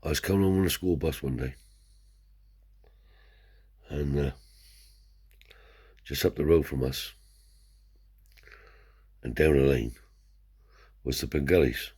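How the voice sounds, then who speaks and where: Very deep husky older man. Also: takes it slowly, long pauses, a little mellow. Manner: broad dialect, frequent swearing, "see?" tags. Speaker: Romany traveller storyteller. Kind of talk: rambling oral storytelling.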